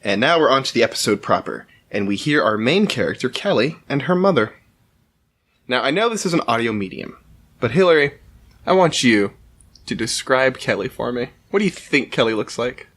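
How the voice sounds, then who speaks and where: A man co-hosting a chatty podcast, his pitch rising and falling a lot as he walks through a plot. He keeps it laid-back and jokey, checking in with his co-host as he goes. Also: animated, brisk, fairly bright tone. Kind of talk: casual podcast recap.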